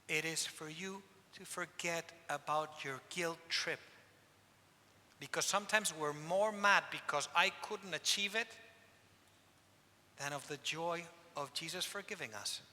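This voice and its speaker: A man, a priest, preaching a sermon at a penitential service, telling stories with emphatic repetition. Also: a little high. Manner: emphatic, repeats key phrases, animated storytelling. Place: church. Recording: long church hall reverb.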